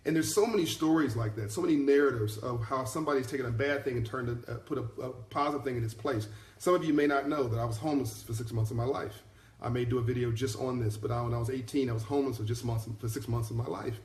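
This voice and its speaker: On a live stream from South Africa, a middle-aged man gives a motivational talk, repeating his key lines and rambling with lots of fillers and restarts. His medium-pitched voice is fast and a little mellow, and the room is echoey.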